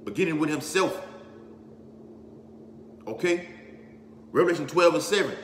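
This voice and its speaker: Guy preaching emphatic, keeps saying okay all right, kinda high voice, echoey big room. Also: lively intonation, moderate pace, a bit bright. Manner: repeats words while building up force. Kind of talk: preaching on scripture. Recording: echoey hall with faint background noise.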